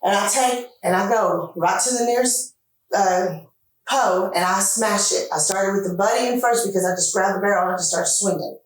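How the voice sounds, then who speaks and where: A woman being interviewed by detectives, retelling events in an animated way, acting out what was said and swearing freely. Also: medium pitch, moderate pace. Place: interrogation room. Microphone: distant room camera mic. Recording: echoey room picked up from far off.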